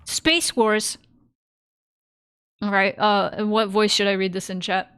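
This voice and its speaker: A woman's voice: medium pitch, flat delivery, slow pace, fairly bright tone, clear, resonant tone. A woman streaming a game, chatting casually and rambling with frequent fillers and self-corrections. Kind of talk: casual let's-play commentary.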